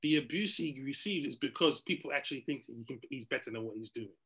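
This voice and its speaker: A man in a heated sports debate, animated and argumentative, breaking into chants and laughter. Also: mid-range voice, quick pace, background noise.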